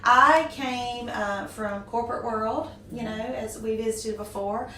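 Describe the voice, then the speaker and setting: A middle-aged Southern US woman, a small business owner appearing as a guest, answers interview questions warmly and graciously, laughing often. Her voice is a little high and unhurried. It's a conversational interview picked up from a distance in an echoey room, with faint noise.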